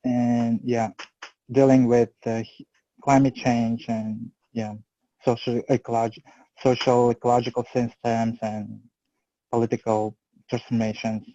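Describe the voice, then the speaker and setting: A man introducing himself on a video call, halting with fillers and restarts. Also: medium pitch, level tone, mellow, dry recording. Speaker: researcher seeking a postdoc. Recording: dry, dull lo-fi call audio.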